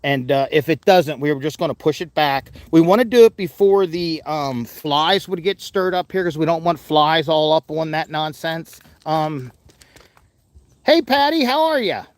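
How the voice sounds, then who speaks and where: A chatty man vlogging from his farm, with a somewhat high voice. He talks casually to the viewers and drops into soft coaxing tones for his animals, with animal noises in the background. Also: moderate pace, few pauses, no echo. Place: outdoors on a farm.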